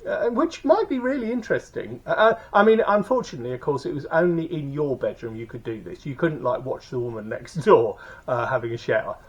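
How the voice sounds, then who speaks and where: A man's voice: medium pitch, husky. A man recounting a motorcycle tour in a casual, rambling way, full of fillers and restarts. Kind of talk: casual spoken recap. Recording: dull lo-fi recording.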